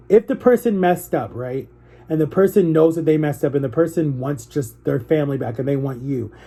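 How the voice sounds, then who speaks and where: A man's voice: on the high side, warm tone, slightly rough. A young man vlogging to his viewers, telling a personal story in an emotional, rambling way that circles back on itself.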